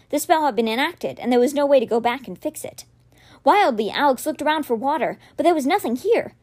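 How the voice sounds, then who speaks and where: A woman reading a children's fantasy novel aloud for a podcast, with expressive, dramatic storytelling. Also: high voice. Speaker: podcast reader.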